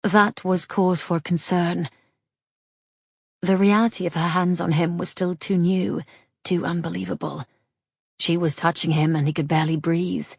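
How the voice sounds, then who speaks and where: A woman narrating a romance audiobook with soft, intimate pacing. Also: lowish voice, level tone, normal speed, vocal fry, breathy edge, no echo, clean studio sound.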